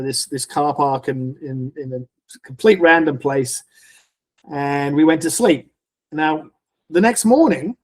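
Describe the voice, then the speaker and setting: A man appears as a podcast guest and tells a personal story in an animated way. He restarts his sentences often as he goes. His voice sits somewhat higher than most men's. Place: podcast recording.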